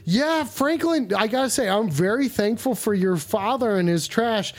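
A man's voice: high-pitched, moderate pace. A man hosting a comedy call-in show, with crude, mock-sincere, rambling banter.

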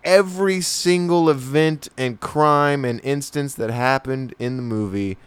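A man co-hosting a podcast in casual chat, sarcastic and quick with jokes, swearing freely. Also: medium pitch, smooth, no room sound. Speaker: podcast co-host.

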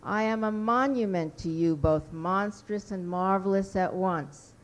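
A woman's voice: mid-range voice, unhurried, natural voice. A woman reading a pompous little baron. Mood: condescending. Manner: grandiose, condescending. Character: pompous, impatient little old male baron.

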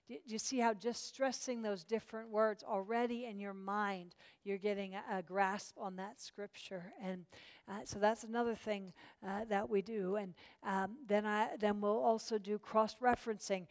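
A woman's voice: medium pitch, steady tone, moderate pace, big-room sound. A woman teaching a Bible study class, encouraging and chatty, with many fillers and restarts.

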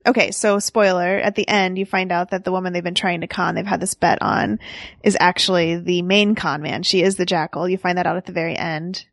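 A woman in her thirties talks movies with a friend on a podcast, her voice carrying a light gravelly fry. She rambles happily, laughs a lot and restarts her sentences. The recording is dry and close. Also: on the low side, fairly even intonation, fairly quick, dry recording. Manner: chatty, laughs often, trails off and restarts. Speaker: podcast co-host. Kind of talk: casual movie chat.

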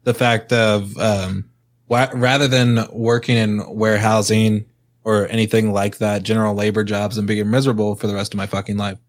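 A man's voice: fairly low pitch, flat delivery, normal speed. A young man co-hosting a podcast, talking bluntly in crude, casual banter and trash-talking freely. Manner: blunt, swears, trash-talks. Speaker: podcast co-host.

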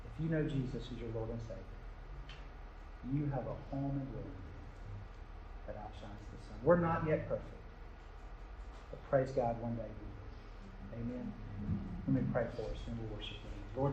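A man's voice: mid-range voice, normal speed, pauses often, darkish tone. A middle-aged American man, a pastor, telling a story in an earnest, intimate, emotional sermon. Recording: roomy church reverb, faint hiss.

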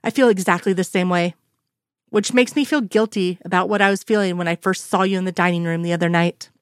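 A woman reading the lines of a young female federal agent in a lively, playful way. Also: fairly low pitch, brisk, smooth, no echo, studio quality, natural voice. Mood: tender.

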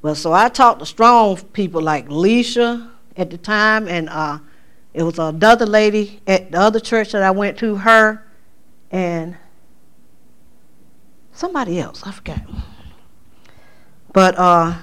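A woman, telling a testimony in church, her voice climbing high when she quotes herself. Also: measured pace, pauses often. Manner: animated storytelling, voice climbing high for quoted exclamations. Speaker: speaker giving a testimony at church. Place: church sanctuary.

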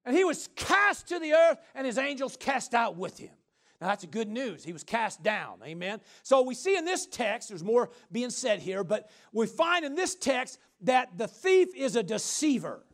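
A middle-aged man preaching a sermon, animated, calling out questions to the congregation and answering himself with shouts and laughter. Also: very high voice, measured pace.

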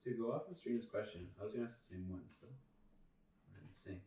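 A man's voice: fairly low pitch, fast, warm tone, recorded from a distance. A man in a class asking a long, winding question with hesitations, heard off-mic in a roomy space. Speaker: class participant.

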